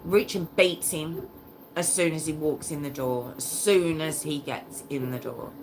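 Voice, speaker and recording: A woman tells a true crime story in a casual, heartfelt way. She speaks slowly in a lowish voice and repeats herself when a point upsets her. Her tone stays indignant and emotional throughout. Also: slight background noise, low-quality recording.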